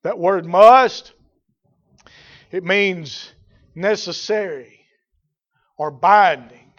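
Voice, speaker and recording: A man preaching a sermon, swinging from loud shouts to quiet, drawn-out emphatic words. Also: high-pitched, muffled recording.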